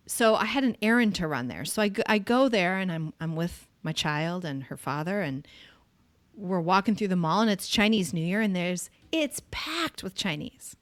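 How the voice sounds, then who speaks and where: A woman hosting a podcast, telling stories in an animated, sarcastic way. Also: lowish voice. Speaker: podcast host. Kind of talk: casual chat.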